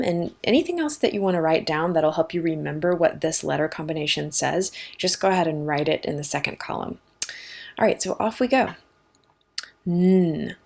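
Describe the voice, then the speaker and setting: A woman's voice: lowish voice, gravelly. A young woman, a French teacher, giving a casual and upbeat beginner lesson in a chatty, informal way. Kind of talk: casual online language lesson.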